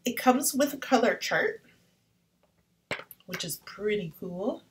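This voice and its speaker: A woman vlogging an art-supply unboxing, gushing and excitable, often dropping into whispers. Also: mid-range voice, unhurried, pauses often, rough recording. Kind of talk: casual unboxing vlog. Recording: faint background noise.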